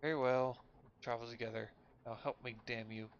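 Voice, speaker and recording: A man voicing a tough, wary female highway bandit who speaks curtly and threateningly, on a lo-fi recording. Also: steady tone, moderate pace, natural voice. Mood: grudging. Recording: lo-fi with faint noise.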